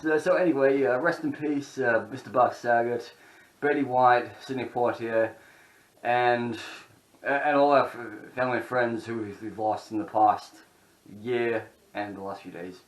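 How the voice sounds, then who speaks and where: A man chats casually on his vlog, rambling and chuckling between thoughts. His voice sits at an average pitch. The room around him adds a noticeable echo. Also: steady tone, a little slow. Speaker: vlogger. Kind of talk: casual chat. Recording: roomy echo.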